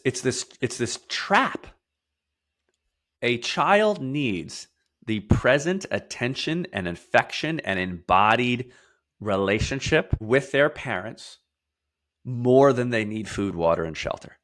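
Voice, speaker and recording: A man guest in an interview, explaining emphatically, stacking lists of words and repeating key phrases. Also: expressive. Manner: drops to a quieter, slower, lower delivery for heavy points. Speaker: podcast guest, somatic therapist.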